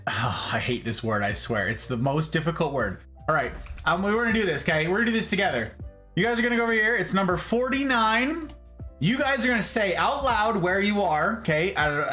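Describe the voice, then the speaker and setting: A man hosting a late-night livestream from home, chatting playfully and warmly with his viewers and talking straight to them. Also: high voice. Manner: playful, animated, talks straight to chat. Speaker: livestream host.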